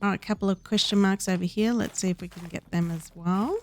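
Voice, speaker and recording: A woman's voice: mid-range voice, steady tone, quick pace, faint music behind. A woman casually talking through a game as she plays, reading the game's dialogue aloud in her own voice. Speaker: gaming host. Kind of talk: casual gameplay commentary.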